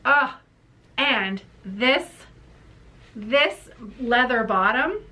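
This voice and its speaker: A woman's voice: medium pitch, bright, forceful tone. A woman hosting a needlework vlog, telling stories in a rambling, chatty way with many restarts. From Canada. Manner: rambling storytelling with frequent restarts and laughs. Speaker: flosstube host.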